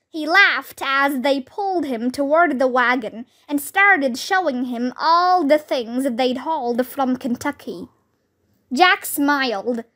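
A woman reading a children's chapter book aloud in a steady, clear storytelling way. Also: sits high. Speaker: read-aloud narrator.

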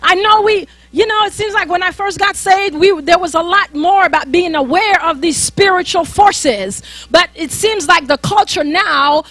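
A woman's voice: very high voice, fairly bright tone, no echo. A woman minister preaching a sermon in an emphatic, conversational way, often repeating herself.

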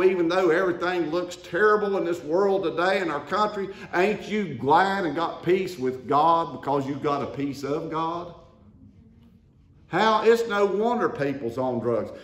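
A man preaching a sermon, calling the congregation to answer and building to emphatic declarations. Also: on the high side. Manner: call-and-response preaching, rising to emphatic declarations. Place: church sanctuary. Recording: roomy church echo.

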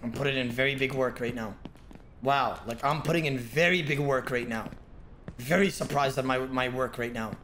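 Excitable streamer man prone to yelling. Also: mid-range voice, moderate pace, slight background noise. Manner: excitable, bursts into loud yelling and laughter; talks to himself and to chat. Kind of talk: live game streaming commentary.

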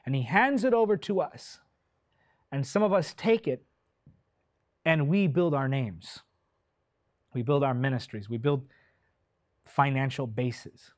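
A man preaching a sermon with passion, speaking directly to his listeners, drawing out key words slowly, swelling loud and then dropping to a hush. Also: mid-range voice, no echo, studio quality. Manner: impassioned, swells loud then drops soft; slow, drawn-out delivery when stressing key words.

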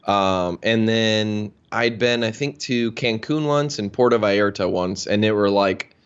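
A man in his thirties from Minnesota tells his story in a casual interview and keeps slipping into the voices of the people in it. His voice sits a little low. The recording is dull and lo-fi. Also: a little slow, smooth. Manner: animated storyteller, acts out quoted dialogue. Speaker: interview guest, health practitioner. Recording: dull lo-fi sound.

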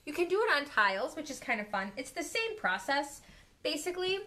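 A woman who owns an art studio, excitedly demonstrating a craft technique on a live stream, gasping and delighting at the results. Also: sits high, brisk, slight background noise. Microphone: phone or camera on live stream.

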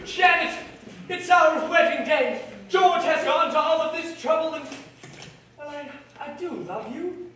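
A man's voice: very high-pitched, a little slow, pushed and bright, slight background noise, full character voice. A young man acting as a lovestruck groom who pleads theatrically, live on stage in a theatre. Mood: pleading. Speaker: stage actor. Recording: echoey theatre from far off.

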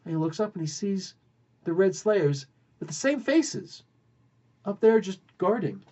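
A man's voice: sits high, very animated, measured pace, mellow, muffled recording. A man hosting a podcast, recapping a story in a rambling, playful way with self-corrections.

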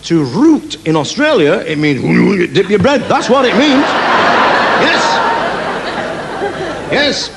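Animated Mancunian comedian on stage. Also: male voice, sits high, slow, pauses often, over a noisy crowd. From Manchester, England. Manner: animated, jokey, telling anecdotes with put-on voices. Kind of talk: live stand-up storytelling. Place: large theatre stage. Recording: live theatre recording, faint hiss. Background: audience laughter.

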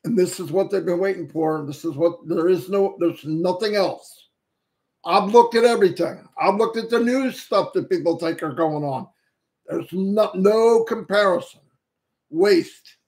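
A man's voice: high voice, normal speed, darkish tone. A man hosting a casual livestream, reading out viewers' names one by one and welcoming them, now and then tripping over a name. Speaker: livestream host. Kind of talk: casual livestream shout-outs. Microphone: headset.

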